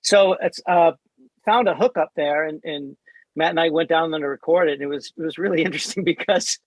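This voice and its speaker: A man, a band's bassist, recalling past recording work in a relaxed podcast interview. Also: a little fast, no room sound, rough recording. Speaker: band bassist.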